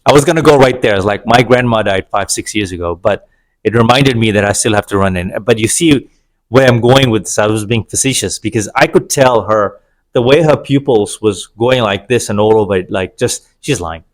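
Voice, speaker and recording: A man's voice: lowish voice, brisk. A middle-aged man giving an opinionated, sarcastic monologue about dating, wandering into digressions. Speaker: vlogger. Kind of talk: casual monologue to camera.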